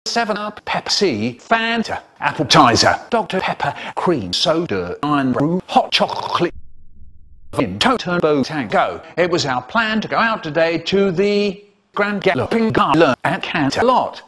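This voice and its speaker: A man telling comic stories in an animated, expressive way, in chopped-up clips. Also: on the high side, unhurried, a little hiss or hum. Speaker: storyteller. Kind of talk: spliced comic storytelling clips.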